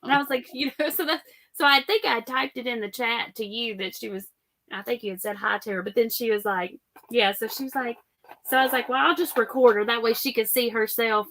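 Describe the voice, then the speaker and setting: A woman's voice: on the high side, fairly even intonation, a little fast, fairly bright tone. A middle-aged woman, chatting casually as a livestream host and reading out comments. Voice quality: chatty, rambling.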